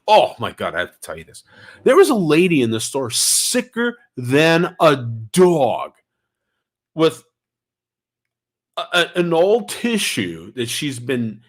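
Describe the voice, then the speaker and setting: A man's voice: on the high side, slow. A man vlogging casually, telling stories with energy and answering viewers' chat comments, a little stuffy in the nose. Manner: animated storyteller, reads and answers chat comments.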